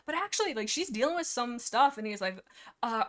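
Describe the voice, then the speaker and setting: A woman's voice: on the high side, animated, fairly quick, fairly bright tone. Young woman, chatty livestream host, giggly, rambling, playful dramatic line reads. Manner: chatty, giggly, acts out dialogue with exaggerated drama. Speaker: livestream host discussing a book series. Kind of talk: casual rambling book chat.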